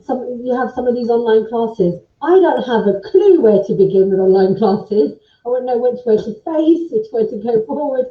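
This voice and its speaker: A chatty woman hosts a live online talk, her fairly high voice bouncing in an echoey room. The sound is dull and lo-fi, like call audio, and she rattles through comments with easy asides. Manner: chatty, laughs easily, quick asides. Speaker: host.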